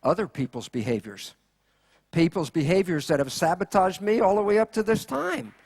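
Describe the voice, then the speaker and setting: A man giving a keynote lecture, animated, asking rhetorical questions and acting out quoted voices. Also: high voice, normal speed, creaky, slightly rough. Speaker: conference speaker.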